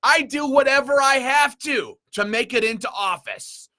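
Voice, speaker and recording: A man putting on the voice of a cynical, self-serving male politician in a mocking, high-pitched parody. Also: lively intonation, normal speed, pushed and bright, exaggerated voice.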